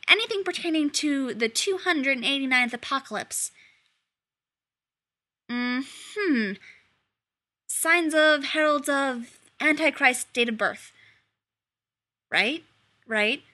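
A woman's voice: high voice, bright, forceful tone, pitched above the performer's own voice, exaggerated voice. A woman voicing a short, fawning male demon who drips with pet names and forced cheer. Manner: wheedling, nervous, fake-cheerful.

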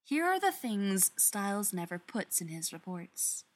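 Expressive woman reading a story aloud. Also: mid-range voice, measured pace. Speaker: reader.

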